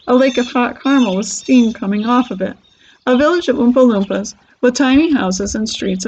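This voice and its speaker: Gravelly woman reading a storybook. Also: fairly high pitch, slight background noise. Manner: lively, expressive storytelling. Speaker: storybook reader. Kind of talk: reading a children's book aloud. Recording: dull lo-fi recording.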